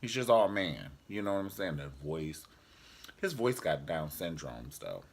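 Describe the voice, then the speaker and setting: Sassy, husky man reviewing TV. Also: deep voice, measured pace. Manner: animated, sassy, joking. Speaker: TV show reviewer. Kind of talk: casual vlog chat.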